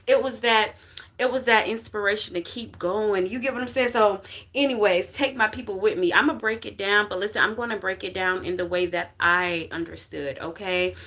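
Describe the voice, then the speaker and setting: A woman's voice: medium pitch, moderate pace, bright, forceful tone. Preachy woman on a spiritual live stream. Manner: call-and-response, repeats "you get what I'm saying"; preachy, uplifting, slangy. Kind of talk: casual livestream tarot reading.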